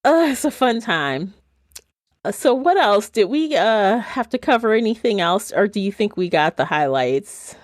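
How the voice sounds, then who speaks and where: A woman co-hosting a casual book podcast, animated and often laughing, swearing casually as she talks. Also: medium pitch, measured pace, dry recording, studio quality. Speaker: podcast co-host.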